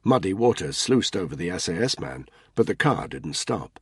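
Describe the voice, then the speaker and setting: Man, audiobook narrator, deep voice, husky, dry close sound, measured tense reading. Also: sing-song, no echo. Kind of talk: scripted narration of a thriller audiobook.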